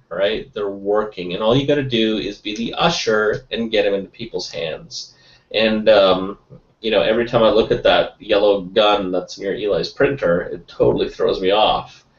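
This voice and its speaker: Man, casual sales coaching, lively, roomy echo, distant muffled webinar audio. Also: on the low side. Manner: lively, keeps adding "right?", laughs often. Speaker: guest sales trainer. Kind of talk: casual motivational coaching talk. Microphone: webinar call mic.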